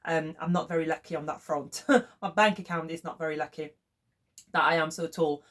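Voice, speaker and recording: Woman, French accent, native French speaker, lowish voice, chatty, enthusiastic, casual vlog talk. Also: flat delivery, brisk, fairly bright tone. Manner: chatty and enthusiastic, thinking aloud. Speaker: sewing vlogger. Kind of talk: casual chat reviewing patterns.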